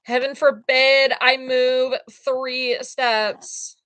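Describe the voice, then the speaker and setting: A woman hosting a casual live stream from her crafting room at home, chatting and gushing excitedly to her viewers. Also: sits high, drawn-out words. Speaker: livestream host.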